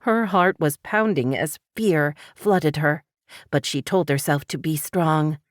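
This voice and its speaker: A woman narrating an audiobook in a steady, dramatic storytelling manner. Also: low voice, takes it slowly, no room sound, clean studio sound.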